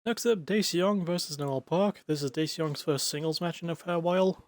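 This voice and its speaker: A man's voice: a little high, normal speed, no room sound. A sleepy man giving laid-back, swearing play-by-play commentary of a wrestling video game. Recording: crowd noise and game sounds behind.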